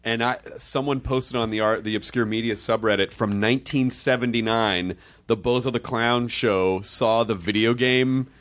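A man's voice: medium pitch, steady tone, normal speed, a bit bright. A man from the United States hosting a casual chat, telling stories animatedly and laughing often. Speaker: host.

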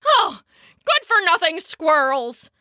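A woman voicing an excitable, treat-obsessed young male pet dog in a storybook, with shouty, overexcited outbursts. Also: very high voice, a little slow, no room sound, clean studio sound, voice pushed up, exaggerated voice. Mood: grumbling. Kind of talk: storybook character voice.

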